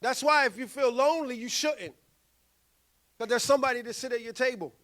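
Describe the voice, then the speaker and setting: A male pastor, preaching a sermon in an animated way and acting out quoted voices. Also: very high-pitched, a little fast. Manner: animated, acts out quoted voices, loud bursts.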